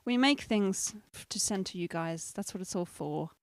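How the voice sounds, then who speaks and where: A woman's voice: medium pitch, lively intonation, moderate pace, no echo, studio quality. A woman from Australia co-hosting a casual livestream, bubbly and laughing often. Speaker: co-host.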